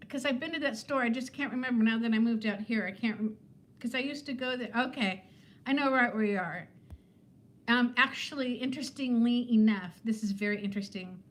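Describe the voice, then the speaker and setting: Chatty woman in her fifties, higher voice. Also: brisk. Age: 50s. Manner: chatty, rambling, laughs often. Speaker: weight-loss vlogger. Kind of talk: casual livestream chat with viewers.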